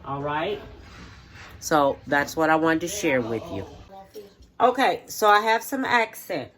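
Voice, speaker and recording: A woman's voice: deep voice, lively intonation, a little slow, fairly bright tone. A middle-aged woman in her home kitchen, showing how she cooks in a homey, repetitive way and checking in with "okay?". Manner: homey, repeats steps, checks in with 'okay?'. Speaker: home cook and channel host. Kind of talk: casual cooking demonstration.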